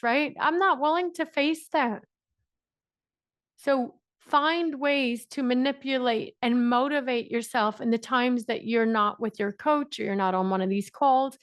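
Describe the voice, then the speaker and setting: Irish woman, high voice, emphatic coach, repeats herself, laughs a lot. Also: a little slow, no echo, clean studio sound. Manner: emphatic, repetitive, laughs often. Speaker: business coach. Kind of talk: motivational coaching call.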